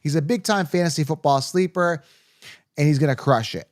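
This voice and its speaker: A man hosting a live fantasy football stream, excitably reading viewer comments and repeating himself for emphasis. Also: fairly high pitch, fairly quick, no room sound, studio quality. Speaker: fantasy football show host.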